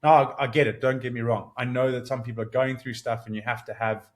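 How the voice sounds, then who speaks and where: A man in his thirties talks through his ideas alone on his podcast, earnest and searching. His voice climbs when he gets excited and settles back down as he reflects. He often restarts his sentences while he works out what he means. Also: medium pitch, fast. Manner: earnest, animated, rising with excitement, thinks aloud with restarts. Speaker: podcast host. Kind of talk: solo reflective podcast monologue.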